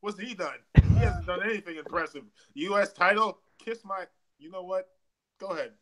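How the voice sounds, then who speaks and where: A man co-hosting a casual podcast chat, ranting loudly and joking as he talks. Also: high-pitched, moderate pace. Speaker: podcast co-host.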